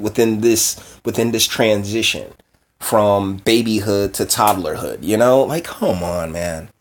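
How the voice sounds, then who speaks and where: On his own commentary show, a man with a fairly low pitch and darkish tone responds to news clips with blunt feeling and exasperation, also reading out an article.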